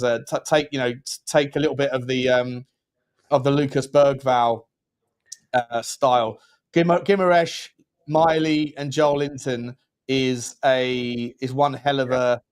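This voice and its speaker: A man hosting a casual football watchalong, rambling and restarting his sentences. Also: mid-range voice. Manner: rambling, restarts phrases, chatty. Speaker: host.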